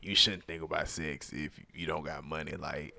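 A man's voice: rumbling low, little pitch movement, moderate pace, vocal fry, bright, forceful tone. A young man in casual chat who plays devil's advocate with playful, provoking questions.

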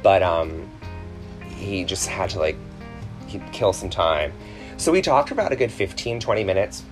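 A man's voice: low voice, animated, moderate pace, soft background music. A man hosting a podcast in a casual, rambling chat, full of ums and self-corrections. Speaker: podcast host.

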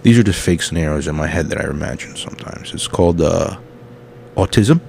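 Low-voiced man rambling through crude jokes. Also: expressive, a little fast, creaky, warm tone, slight background noise. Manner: crude, self-mocking, tangent-prone. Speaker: podcast host. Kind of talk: rambling comedic monologue.

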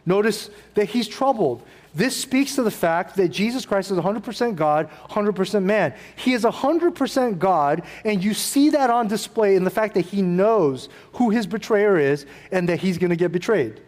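A man's voice: high-pitched, animated, moderate pace, hardly any pauses, a little mellow, in a large hall. A middle-aged man preaching a sermon in a casual, conversational way, acting out quotes and adding asides. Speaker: pastor.

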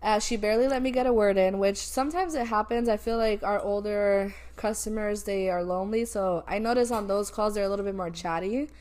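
A young woman co-hosting a podcast talks fairly quickly in a mid-range voice with few pauses. In casual chat she animatedly retells a work call, quoting the voices and laughing often.

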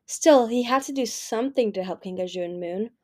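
A woman's voice: on the high side, a little fast, mellow. A woman reading a fantasy novel aloud, voicing the characters' dialogue. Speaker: audiobook reader.

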